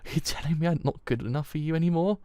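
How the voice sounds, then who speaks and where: A man's voice: a little high, very fast, warm tone, clear, resonant tone, no echo, pitched above the performer's own voice, lightly acted. Man playing a haughty, sneering young woman. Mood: scornful. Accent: British. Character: young woman turned vain and cruel.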